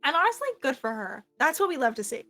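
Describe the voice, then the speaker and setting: A woman's voice: high-pitched, very animated, bright, forceful tone, soft background music. Enthusiastic woman game master. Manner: enthusiastic, quick to laugh. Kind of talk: narrating a tabletop game.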